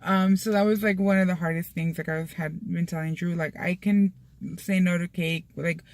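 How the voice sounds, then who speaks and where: A woman's voice: fairly low pitch, fairly even intonation, moderate pace, a little mellow, dry recording. A young woman chatting casually to camera, full of fillers, slipping in Spanish phrases, from a Mexican-American family. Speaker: vlogger.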